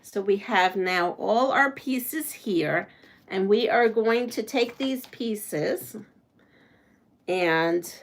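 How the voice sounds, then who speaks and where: A woman's voice: fairly low pitch, creaky. A woman hosting a quilting live stream, thinking aloud as she sews and reads out trivia questions. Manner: slow, thinking aloud while sewing, reading trivia questions. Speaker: quilting channel host.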